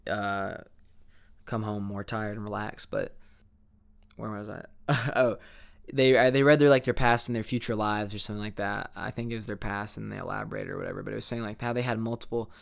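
Candid rambling young man, smooth voice. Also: fairly low pitch, fairly bright tone. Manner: candid, rambling, many fillers and restarts. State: sleepy, yawning. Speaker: vlogger. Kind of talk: rambling reflective monologue.

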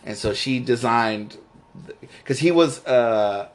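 Man, casual movie talk, rambling delivery, lots of restarts and fillers, laughs easily, middle-range pitch. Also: slow pace. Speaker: podcast co-host. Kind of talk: casual movie-review chat.

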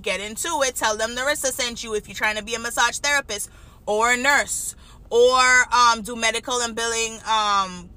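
A young adult woman, casually telling her story straight to viewers in an animated, chatty way. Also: a little high. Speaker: vlogger.

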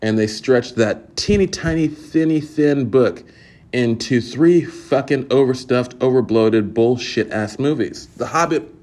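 A man's voice: mid-range voice, measured pace, darkish tone. A man hosting a podcast, ranting casually in a profane, exasperated, rambling way. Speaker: podcast host. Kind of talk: casual opinion rant.

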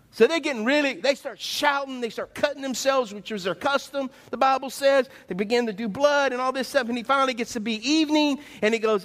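A man preaching a sermon as pastor, animated and conversational, asking his listeners questions. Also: very high-pitched, fairly quick, hardly any pauses.

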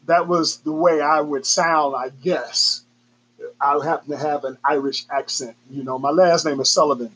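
A man's voice: on the high side, steady tone, normal speed, fairly bright tone, slightly rough, rough recording. A man hosting his own podcast, rambling casually through announcements and a sign-off with frequent fillers. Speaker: podcast host.

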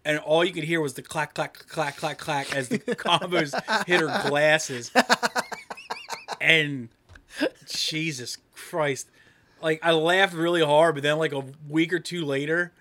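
A young man with a bright, forceful voice that sits a bit high for a man. He is co-hosting a podcast and tells crude stories in loose, casual banter, swearing and laughing often. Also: fairly even intonation, a little slow, slight background noise. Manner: loud, swearing, laughing storyteller. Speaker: podcast co-host.

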